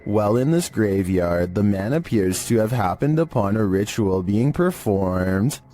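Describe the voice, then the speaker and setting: A man in a monotone, measured delivery, giving scripted narration as a horror countdown narrator. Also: fairly low pitch.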